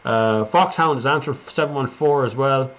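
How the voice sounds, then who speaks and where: A man's voice: medium pitch, normal speed, fairly bright tone. An Irish man hosting a live stream, chatting casually and rambling as he reads out viewer comments.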